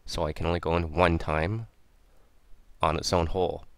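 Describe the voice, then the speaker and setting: A man's voice: low voice, flat delivery, normal speed, a bit bright, no echo. A man teaching math, explaining each step patiently and repeating it aloud as he writes it out. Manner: patient, repeats steps aloud while writing. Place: at a computer, recording a screen lesson.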